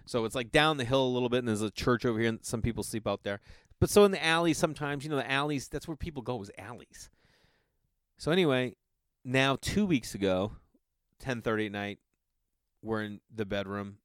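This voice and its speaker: A man hosting a podcast, telling a story in a loose, profane, animated way and acting out the quotes. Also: mid-range voice, a little fast, clean tone, dry recording, studio quality. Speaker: podcast host. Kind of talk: casual storytelling monologue.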